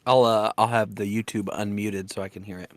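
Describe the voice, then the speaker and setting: A man's voice: lowish voice, level tone, brisk. A man co-hosting a podcast, chatting casually and doing playful sing-song mic checks into a desk microphone. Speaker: podcast co-host. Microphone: desk microphone with adjustable gain.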